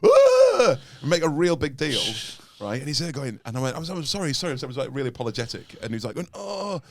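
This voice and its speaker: Scouse guy on a podcast, lively up and down voice, talks fast, dry close mic. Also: mid-range voice, no room sound. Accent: Liverpool. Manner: storytelling, animated, laughs often. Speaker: podcast host, comedian. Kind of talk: casual chat.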